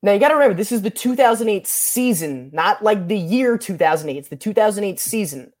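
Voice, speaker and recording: A man's voice: sits high, animated, fast. A man co-hosting a casual chat, quizzing his friend on football trivia in a teasing, mock-apologetic way with many restarts. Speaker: podcast co-host running a sports trivia quiz.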